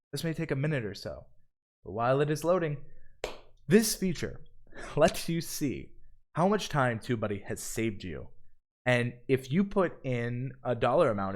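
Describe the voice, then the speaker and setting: A man's voice: medium pitch, darkish tone. A man hosting a live stream tutorial, upbeat, reading viewer comments aloud between explanations. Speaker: livestream host. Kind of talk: live stream tutorial with chat shout-outs.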